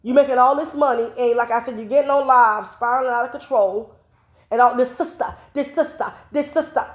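Woman, somewhat high voice, blunt profane scolding rant, echoey room. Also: fairly even intonation, fairly quick. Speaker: commentary vlogger. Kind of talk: ranting opinion vlog.

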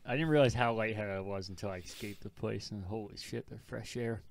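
A young man co-hosting a podcast, telling stories in a relaxed way and swearing casually. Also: on the low side, a little fast, creaky. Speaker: podcast co-host. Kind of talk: casual chat.

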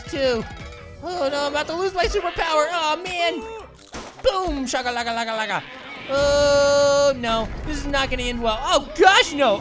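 A man voicing a hyper, wisecracking talking orange who hosts a gaming channel, giving excitable, silly gameplay commentary and repeating words in bursts. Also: very high-pitched. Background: game music.

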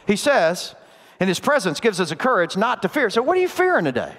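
A middle-aged pastor delivers his sermon in a high-pitched, folksy storytelling voice. He talks to the pews as if chatting with neighbors. The church leaves a long reverb trailing after his words. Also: huge pitch swings, brisk, a bit bright. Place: church sanctuary.

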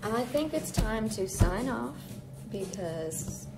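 A woman's voice: fairly high pitch, animated, slow pace, gravelly, music in the background. A woman co-hosting a casual podcast chat in a coffee shop, bubbly and laughing often. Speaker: podcast co-host.

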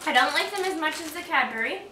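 A woman from the United States with a slightly high voice chats eagerly through a candy taste test, sometimes talking with her mouth full. She sits back from a camera mic in an echoey home room. A clear hiss runs under everything. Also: expressive, fast, distant mic. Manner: eager and enthusiastic, talking while chewing. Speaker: channel host. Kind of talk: casual taste-test chat.

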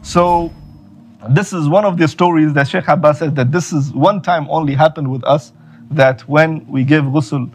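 A man casually telling a story out loud, animated and acting out the people in it. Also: fairly high pitch.

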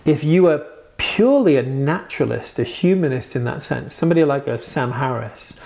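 Mellow-voiced man teaching with emphatic bursts. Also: mid-range voice, animated, normal speed. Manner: earnest, conversational, emphatic bursts. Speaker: preacher.

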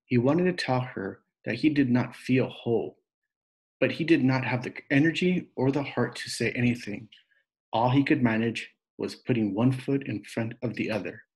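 A man reading a novel aloud in slow, steady narration. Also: mid-range voice, low-quality recording. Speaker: reader.

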